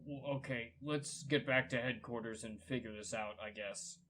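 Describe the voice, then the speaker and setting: A man's voice: medium pitch, moderate pace, sharp tone, a little hiss or hum. Laid-back male game master. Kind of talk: narrating a tabletop game.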